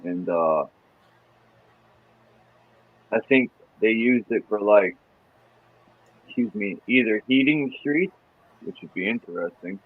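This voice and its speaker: A man's voice: on the low side, lively intonation, slow pace, long pauses, slightly rough. A man hosting a stream, chatting in a loose, meandering way with lots of fillers. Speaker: stream host. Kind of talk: casual rambling chat. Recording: tinny phone-like sound.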